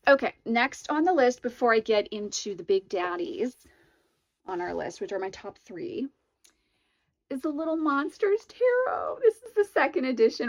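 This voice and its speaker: A woman's voice: medium pitch, rough recording. A woman hosting a casual vlog, gushing with enthusiasm as she shows off tarot decks and candles, stretching out words for emphasis. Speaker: tarot reader and channel host. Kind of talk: casual show-and-tell vlog.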